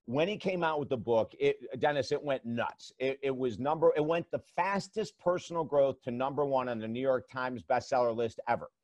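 A man's voice: medium pitch, normal speed, few pauses, no echo. Guy life coach telling stories in an interview, punchy and emphatic, dry close sound. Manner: energetic, emphatic, repeats words when starting sentences. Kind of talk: interview storytelling.

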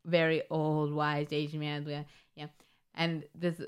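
A woman's voice: deep voice, flat delivery, normal speed, smooth. A woman co-hosting a podcast, telling a story in a rambling, giggly, casual way. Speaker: podcast co-host. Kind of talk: casual chat.

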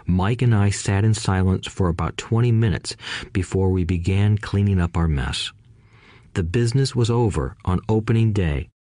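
A man narrating an audiobook in a steady, scripted read-aloud manner, lifting his voice a little for quoted lines. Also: sits low, dry recording, clean studio sound.

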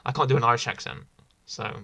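A man's voice: mid-range voice, quick pace, bright, forceful tone. A man hosting a casual wrestling review podcast, rambling and enthusiastic, often repeating himself. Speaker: podcast host.

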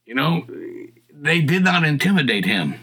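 A middle-aged man tells his personal story in a folksy, earnest way. His voice is bright and forceful, with a husky grain, and sits a little high for a man. He builds to loud, impassioned appeals. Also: very animated, normal speed. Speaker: guest telling his testimony. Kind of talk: personal testimony.

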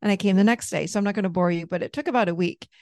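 A middle-aged woman, a therapist and coach, telling a personal story as a podcast guest in a candid, animated way, laughing easily and swearing freely. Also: medium pitch, very fast, dry recording, clean studio sound. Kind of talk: casual storytelling in an interview.

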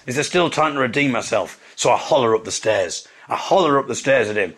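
A man's voice: fairly low pitch, a little fast. A man hosting a comic podcast, telling a rambling, self-mocking story. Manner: self-deprecating, rambling storytelling with put-on voices. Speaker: podcast host. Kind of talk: comic monologue.

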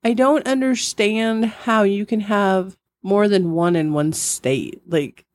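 A woman's voice: mid-range voice, slow, no echo. Giggly, chatty middle-aged woman. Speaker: podcast co-host. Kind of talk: casual chat.

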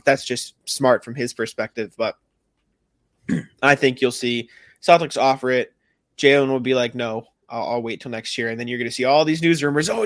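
A man's voice: medium pitch, dry recording, clean studio sound. A man co-hosting a casual sports podcast, chatty and often laughing. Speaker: podcast co-host.

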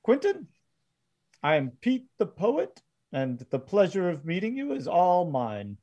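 A man voicing a calm male gunslinger who recites poetry in a slow, declamatory way. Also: sits high, dull audio, pitched above the performer's own voice, full character voice. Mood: genial. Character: calm adult male gunslinger poet, quietly smug.

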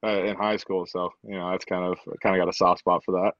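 A young man answering interview questions in a relaxed way, often repeating words. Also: deep voice, fast, no echo. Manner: relaxed, repeats words, frequent "you know". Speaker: rugby player guest. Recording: dull dry sound, lo-fi.

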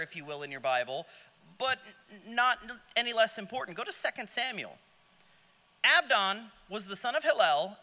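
A man's voice: high voice, bright, forceful tone, in a large hall. A man teaching a Sunday school Bible class, joking aside and asking the class questions as he reads. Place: church classroom.

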